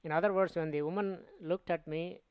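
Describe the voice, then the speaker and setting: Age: middle-aged. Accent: Indian. Sex: man. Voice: smooth, dry. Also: on the high side, steady tone, dry recording, lo-fi sound. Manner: rambling, halting, with many fillers and restarts. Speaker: radio host. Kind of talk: interview.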